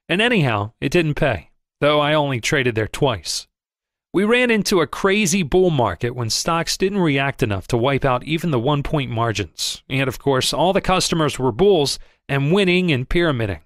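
A man reading a first-person audiobook in a lively storytelling manner, close to the mic. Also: on the high side, dry recording. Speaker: audiobook narrator.

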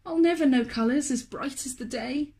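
A woman voicing a gentle, shy young vampire boy in a children's storybook, speaking softly and apologetically. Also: high voice, moderate pace, pitched above the performer's own voice, natural voice. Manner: soft, apologetic, wistful.

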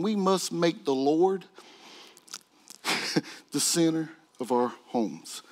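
High-voiced man preaching a sermon. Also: lively intonation, slow, long pauses. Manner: preaching with rising fervor and rhetorical questions. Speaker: pastor.

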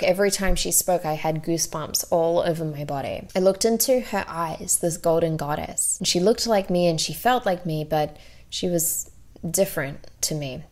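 A woman hosting a podcast, telling a personal story in a soft, intimate way with light laughs. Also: lowish voice. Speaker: podcast host and spiritual coach. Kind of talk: storytelling monologue.

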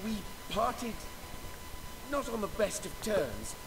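A jittery, scheming man from a video game, with a high, nervous voice that begs and wheedles. Game music plays clearly behind him. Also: very animated, slow pace, exaggerated voice, poor audio. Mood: pleading.

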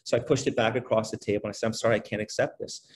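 Fast-talking man telling his story. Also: on the low side, a little hiss or hum. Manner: animated, fast-flowing, many fillers like "you know" and "like". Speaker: podcast guest, basketball trainer. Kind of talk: conversational storytelling.

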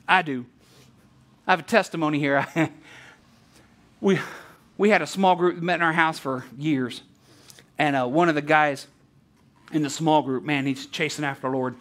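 A man preaching a sermon as pastor, animated and quick to laugh, acting out a story with voices. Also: sits high. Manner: animated, laughs often, tells stories with voices.

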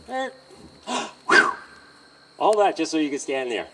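Calm, lively horse trainer outdoors. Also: male voice, fairly high pitch, measured pace, distant mic, a little hiss or hum, low-quality recording. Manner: calm, coaching, with frequent okays and chuckles. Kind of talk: hands-on training demonstration.

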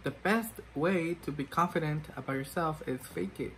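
A man's voice: fairly high pitch, normal speed, fairly bright tone, a little hiss or hum, poor audio. A man chatting casually while doing his makeup, rambling and self-mocking, switching languages mid-sentence. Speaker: makeup vlogger.

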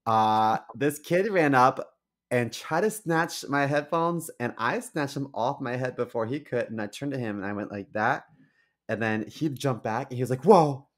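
A man co-hosting a casual podcast, his voice sitting at an ordinary middle pitch. He tells stories bluntly and crudely, with animated asides. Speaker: podcast co-host. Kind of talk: casual chat.

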